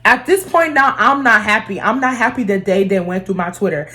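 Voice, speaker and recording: A woman in her twenties, a vlogger telling a personal story in a chatty, animated way, swearing freely. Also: mid-range voice, a little fast. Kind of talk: casual storytime vlog.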